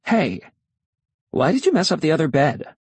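A bored, dismissive teenage girl in a storybook reading, as a male narrator puts her on. She speaks curtly in a slightly husky voice. The sound is close and dry. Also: a little high, wildly swooping pitch, moderate pace, no room sound, pitched above the performer's own voice, exaggerated voice. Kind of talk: audiobook character voice.

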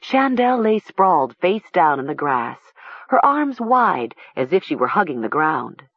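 A woman narrating an audiobook in a measured, expressive way. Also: low-pitched, husky, dry recording, lo-fi sound.

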